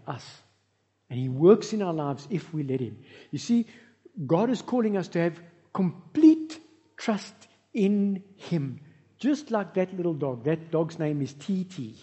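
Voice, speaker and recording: A man preaching a sermon as pastor, telling lively stories with humorous asides. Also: on the high side, measured pace. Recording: reverberant hall, dull lo-fi sound.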